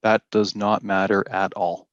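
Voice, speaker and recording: A man teaching an exam-prep class, explaining slowly and deliberately and stressing key words. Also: lowish voice, level tone, no room sound, dull audio. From Canada. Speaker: IELTS teacher. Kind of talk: classroom lesson.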